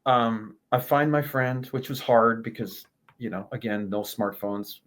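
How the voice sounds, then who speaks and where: A man, a guest telling a lively travel story in a casual interview, laughing and swearing as he goes. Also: medium pitch, a little slow. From Canada.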